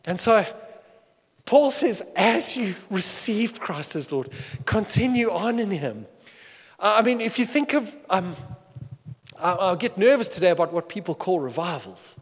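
A man preaching a sermon with passion, swinging between loud outcries and hushed asides. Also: sits high, sing-song, a little slow, husky, long reverb tail. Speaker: pastor.

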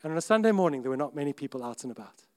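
A man preaching a sermon in an earnest, conversational way, breaking off to restart sentences and suddenly getting louder. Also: a little high, animated, very fast. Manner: earnest, conversational, with self-interrupting restarts and sudden rises in volume. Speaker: pastor.

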